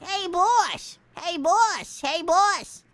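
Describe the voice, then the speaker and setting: A woman's voice: very high voice, expressive, very slow, fairly bright tone, heavily acted. A woman doing a pestering hungry rat henchman. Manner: whiny, pestering, begging.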